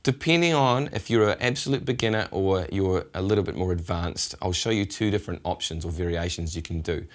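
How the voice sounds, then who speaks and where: A man's voice: low voice, brisk, hardly any pauses. A middle-aged man giving a casual guitar lesson, patiently explaining and counting out strum rhythms. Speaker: guitar teacher. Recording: loud guitar behind voice. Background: acoustic guitar playing.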